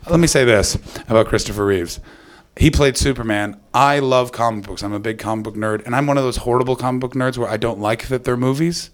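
A North American man hosts a comedy podcast, trading rambling, sarcastic, profane banter in casual comedic chat. He speaks fairly quickly at a medium pitch.

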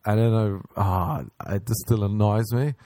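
A young man casually tells a rambling, profane anecdote, acting out the other people's lines as he goes. His voice is on the low side and warm, with a measured pace.

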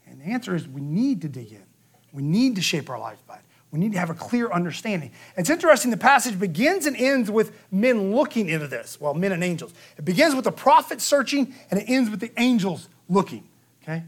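A man preaching a sermon, telling the story lively and acting out the quotes, with a frequent "okay?" to the room. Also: high-pitched, fairly quick, breathy edge. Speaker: pastor.

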